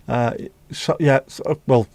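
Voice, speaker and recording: A man's voice: a little high, creaky, darkish tone, husky. A man with a Scouse accent hosting a casual livestream, chatting with viewers and bantering as he reads the chat. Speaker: livestream host.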